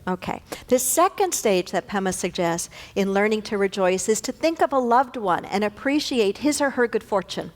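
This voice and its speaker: A woman minister preaches to a congregation in a large sanctuary, her voice carrying a long hall reverb. She speaks at a middle pitch, with an earnest, conversational manner, and repeats key phrases for emphasis. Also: animated, moderate pace, few pauses. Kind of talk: sermon.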